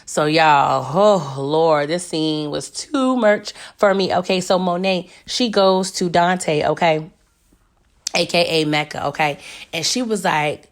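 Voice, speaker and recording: A woman with a strained, hoarse voice chatting casually through a TV episode recap, animated and laughing often. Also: fairly low pitch, slow. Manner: animated, laughing, talks to viewers as "y'all". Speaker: TV recap reviewer.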